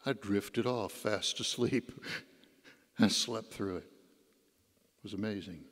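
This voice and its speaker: A man's voice: on the low side, takes it slowly, fairly bright tone. A man, a deacon, giving a homily as a folksy personal story, his voice rising and dropping. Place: church. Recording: long church reverb.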